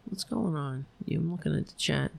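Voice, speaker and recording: Low-pitched and creaky, this livestream host talks at a normal speed. She's on a close mic, sarcastically and profanely ranting about politics in a casual way.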